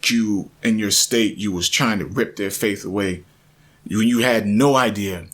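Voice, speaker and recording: A man voicing a stern creator being that scolds him, slow and weighty. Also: lowish voice, a bit bright. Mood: accusing.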